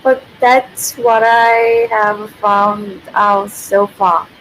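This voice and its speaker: A woman's voice: mid-range voice, fairly even intonation, drawn-out words, a bit bright, a little hiss or hum, poor audio. A woman, a native Korean speaker, giving a casual livestream language lesson who thinks aloud, corrects herself and laughs often.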